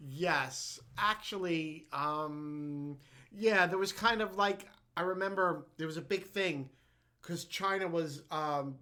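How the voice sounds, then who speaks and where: A man co-hosting a podcast in casual chat, agreeing often and pausing to find his words. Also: on the high side, bright, forceful tone. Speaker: podcast co-host.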